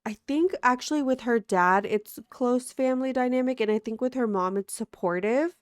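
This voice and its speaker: A woman's voice: on the high side, normal speed, clean tone, no echo. Woman gaming host, sleepy and under the weather, giggly chatter, dry close mic. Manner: chatty, giggly, talks to viewers. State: sleepy and sick. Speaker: let's play host. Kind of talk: casual gameplay commentary.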